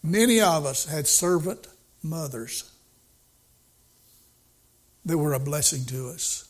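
Preacher guy telling stories in a sermon, kinda high voice, says things twice to hammer them home. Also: expressive, takes it slowly. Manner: folksy storytelling with emphatic repetition.

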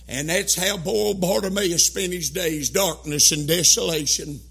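High, ringing preacher man. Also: unhurried, vocal fry, few pauses, roomy sound. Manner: impassioned preaching, swinging from near-shouts to hushed pleading, sing-song cadences. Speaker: pastor. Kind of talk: Southern Baptist revival sermon.

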